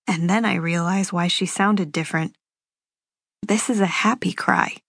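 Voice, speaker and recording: A woman reading a first-person novel aloud as an audiobook, in a measured, unhurried telling. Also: fairly low pitch, steady tone, a bit bright, dry recording, studio quality. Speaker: audiobook narrator.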